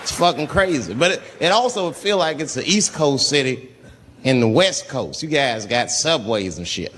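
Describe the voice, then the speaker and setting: A man's voice: medium pitch, expressive, normal speed, fairly bright tone, a little hiss or hum. A man doing stand-up, telling a profane story with lots of acted-out voices. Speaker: stand-up comedian.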